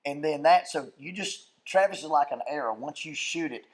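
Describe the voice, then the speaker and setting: A man with a fairly high voice chats casually on a panel, telling lively anecdotes. He likes grand, unusual words and paints vivid pictures as he goes. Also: normal speed, crowd noise. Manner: animated storyteller who reaches for fancy words. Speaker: skit troupe member on a panel. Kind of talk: casual chat.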